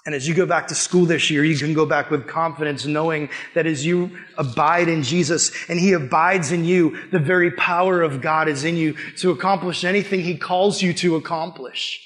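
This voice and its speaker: Brief: male youth pastor, high voice, fervent sermon delivery, big swings from loud to hushed. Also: steady tone, moderate pace, few pauses. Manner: earnest, swinging from loud emphatic peaks to hushed low lines. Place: room with a youth group.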